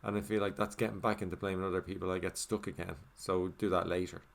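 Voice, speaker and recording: Male voiceover, very low register, loose conversational delivery with fillers, murmurs the meditation phrases. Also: little pitch movement, fast talker, gravelly. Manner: casual, with many fillers like "you know" and "like"; drops to a soft murmur when repeating the meditation phrases. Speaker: English voiceover for a signed video. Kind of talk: reflective first-person voiceover.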